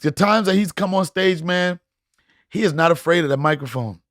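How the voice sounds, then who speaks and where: A middle-aged man, a guest comedian, telling stories in podcast chat, animated and acting out voices with frequent laughter. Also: high voice, normal speed, no echo, studio quality. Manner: animated storyteller, acts out voices, laughs often.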